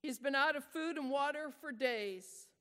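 A woman preaching a sermon, praying and telling a story in a gentle, prayerful way. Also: high voice, unhurried. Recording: echoey hall.

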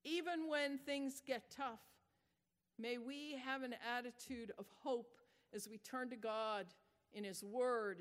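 A woman preaching a sermon, praying and telling a story in a gentle, prayerful way. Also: a little high. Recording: echoey hall.

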